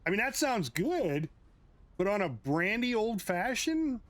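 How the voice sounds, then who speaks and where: Lively, slow-talking American streamer man. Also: high-pitched, no room sound. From United States. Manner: chatty, reacting to chat with chuckles and asides. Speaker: game streamer. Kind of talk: casual chat with live viewers.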